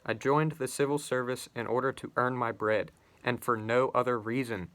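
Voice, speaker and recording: A man reading aloud as a bitter, spiteful forty-year-old retired clerk, with emphatic, slowed declamation and sarcastic outbursts. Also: medium pitch, fairly even intonation, a bit bright, lightly acted. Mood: bitter, sardonic.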